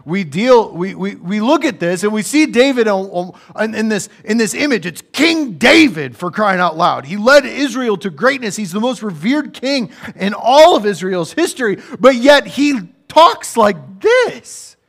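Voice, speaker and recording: A man's voice: sits high, very animated, normal speed, creaky, hardly any pauses, a bit bright. A man preaching a conversational, humorous sermon that builds to raised, emphatic passages.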